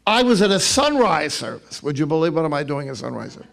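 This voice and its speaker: A man's voice: fairly high pitch, sing-song, fast talker, vocal fry. An older man, a priest, telling funny stories to an audience and slipping into voices for the people in them. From New York. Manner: storytelling with joking asides and put-on voices. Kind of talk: humorous talk to an audience.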